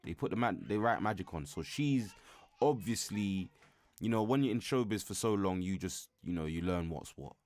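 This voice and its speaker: Deep-voiced slangy man reacting live. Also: lively intonation, normal speed, darkish tone. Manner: loose and slangy, thinks aloud with many restarts. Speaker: reaction streamer host. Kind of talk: casual live reaction commentary.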